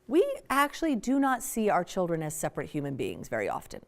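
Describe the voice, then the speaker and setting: Animated woman giving a parenting talk. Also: fairly low pitch, fairly quick. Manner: animated and emphatic, acts out quotes. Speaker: parenting workshop speaker. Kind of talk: public talk.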